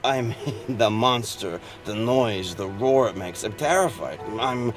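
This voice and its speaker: A theatrical, wistful storyteller. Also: male voice, fairly low pitch, expressive, a little slow, over music. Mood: weary. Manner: theatrical, swings from fervent to hushed. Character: gay man, weary and wistful storyteller. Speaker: film monologue narrator. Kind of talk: dramatic film monologue.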